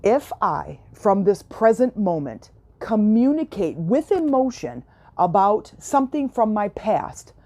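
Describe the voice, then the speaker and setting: Her voice is on the low side and warm as she hosts a self-help podcast. In a relaxed coaching monologue she's chatty and earnest, repeating herself for emphasis and checking often that the listener is following.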